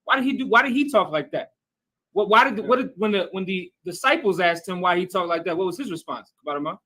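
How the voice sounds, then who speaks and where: Heard on a low-quality recording, this bible class teacher has a high, bright, forceful voice that moves fast and expressively. He explains scripture in a conversational way, checking in with "right?" and calling on people to read.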